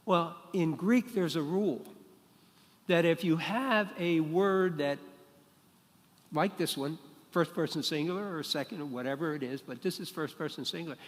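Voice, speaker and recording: A man preaches a sermon from the front of a church, his voice pitched a little high. He teaches like a classroom lesson and keeps asking his listeners questions. The sound rings with a long reverb from the hall. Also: moderate pace. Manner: teacherly, asks the congregation questions. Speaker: pastor. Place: church sanctuary.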